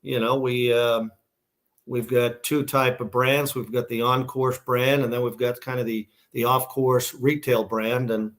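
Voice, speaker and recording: A man's voice: mid-range voice, little pitch movement, a little slow. Boston man telling a rambling story. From Massachusetts, USA. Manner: rambling, many restarts and fillers. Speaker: guest, shoe company founder. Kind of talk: casual storytelling interview.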